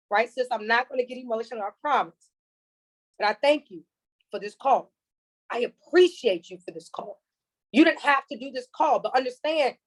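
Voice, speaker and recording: Host, woman, high register, energetic hype man on a video call, keeps rallying the chat. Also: low-quality recording. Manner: energetic, repetitive, calls for chat reactions. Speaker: host of an online training call.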